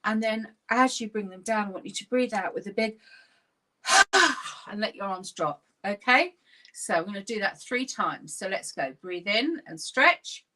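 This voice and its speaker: A woman's voice: mid-range voice, moderate pace, sharp tone. A woman leading a laughter yoga class, giving upbeat, encouraging instructions while she sits. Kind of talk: guided exercise class.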